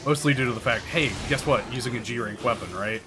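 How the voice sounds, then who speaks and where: A man's voice: medium pitch, quick pace. A man streaming a game, chatting casually with viewers and explaining tactics, swearing now and then. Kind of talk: casual gameplay commentary. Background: game music.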